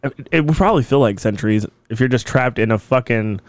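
A man's voice: medium pitch, fast, no room sound, studio quality. A man hosting a casual comedy podcast, joking around and hamming it up. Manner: joking, hammy, breaks into mock French greetings. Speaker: podcast host.

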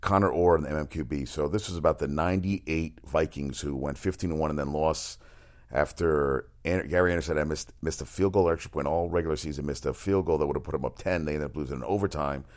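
A man's voice: rumbling low, steady tone, quick pace, a little mellow. A man hosting a casual sports talk monologue, rambling and profane, often restarting his sentences. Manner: exasperated outbursts.

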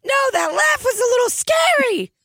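A woman voicing a squeaky, excitable male poop creature who yelps and panics. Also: normal speed, no echo, studio quality, exaggerated voice. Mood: squeaky excited. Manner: shrill yelping, panicky shouting.

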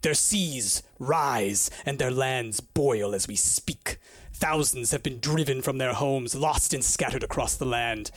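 A man voicing a grim godlike being condemning mortals, slow and solemn. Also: mid-range voice, a bit bright, no room sound, voice pushed down. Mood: solemn wrath.

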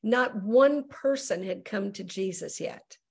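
A middle-aged woman evangelist, a guest on a show, telling a personal testimony in an animated way and acting out the voices she quotes. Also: mid-range voice, slow pace, vocal fry, breathy edge.

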